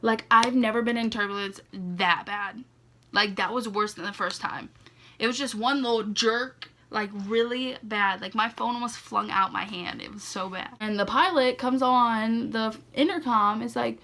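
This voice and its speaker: A young woman vlogging a casual storytime, her slightly high voice carrying a gravelly, fry-laden texture. She rambles along with constant fillers and quick laughs, and she sounds drowsy, yawning between stories. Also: fairly even intonation, bright, forceful tone. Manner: rambling, heavy use of "like" and "legit", frequent laughs. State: sleepy, yawning.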